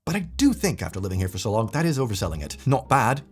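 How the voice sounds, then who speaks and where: Guy narrating an explainer video, quick and bouncy, kinda wry. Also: mid-range voice, very animated. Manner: quick, playful delivery with wry asides. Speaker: video presenter.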